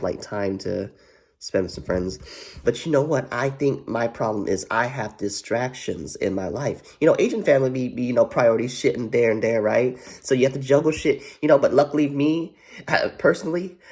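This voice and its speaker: A man's voice: medium pitch, lively intonation, normal speed, a little mellow, breathy edge. A man vlogging in a rambling, profane way, full of "you know what" fillers and repeats. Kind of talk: casual rambling commentary.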